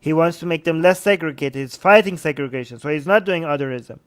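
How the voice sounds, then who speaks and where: A male host reacting to news clips in a heated, profane, mocking rant that builds to shouting. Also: fairly high pitch, a little fast, clean tone. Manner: escalates to shouting. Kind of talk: ranting commentary.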